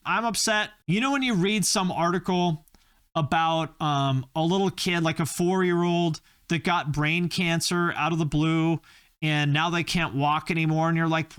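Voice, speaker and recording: Male host, slightly high voice, rambling comedic riffing, dry close mic. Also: moderate pace, fairly bright tone, smooth, no room sound. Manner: rambling, joking, with filler-heavy tangents. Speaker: YouTube host. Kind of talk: comedic casual commentary.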